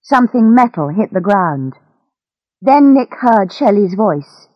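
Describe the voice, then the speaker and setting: A woman reading a graded-reader story aloud in a slow, careful, clear way. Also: mid-range voice, very animated, no room sound, lo-fi sound. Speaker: narrator. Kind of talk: graded-reader audiobook narration.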